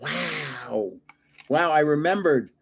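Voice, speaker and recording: An older man with a voice pitched a touch high for a man talks through a pack opening. He rambles, guesses at names and chuckles at himself. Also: lively intonation, slow, gravelly, breathy edge. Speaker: card-collecting channel host. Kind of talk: casual pack-opening chat.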